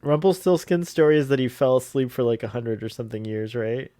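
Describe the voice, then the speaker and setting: A man's voice: medium pitch, fairly even intonation, a little fast, warm tone, dry recording, clean studio sound. A man chatting casually as a guest on a fan commentary podcast, rambling and laughing often.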